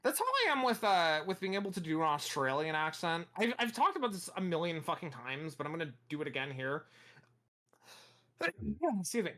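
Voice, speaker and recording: Bright, sweary American streamer; rambling, casual livestream talk. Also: medium pitch, animated, normal speed. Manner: rambling, swears a lot, restarts sentences.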